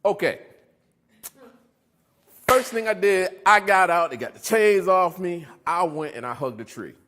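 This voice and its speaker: A middle-aged recovery speaker with a high-sitting voice speaks unhurriedly in a motivational talk to a live audience. He tells stories animatedly, laughs, and quizzes his listeners.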